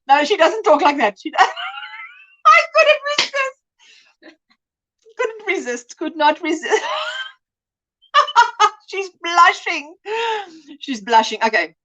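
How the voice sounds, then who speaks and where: A woman's voice: high-pitched, expressive, slow, pauses often, a bit bright. A woman hosting a casual crochet livestream, chatting, reading out viewer comments and laughing often.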